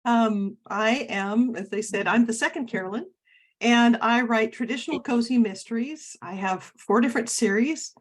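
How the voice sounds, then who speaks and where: A woman's voice: a little high, moderate pace. A woman from Oregon, a guest author talking casually in an interview over a video call, chatty and reminiscing with many fillers and restarts.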